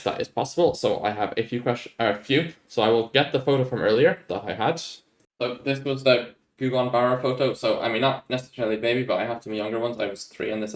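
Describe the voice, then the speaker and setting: A young man chatting casually through viewer questions, rambling and laid-back, easily amused. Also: medium pitch. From Ireland. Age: young adult. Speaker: YouTuber answering viewer questions. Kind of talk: casual Q&A chat. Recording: echoey room.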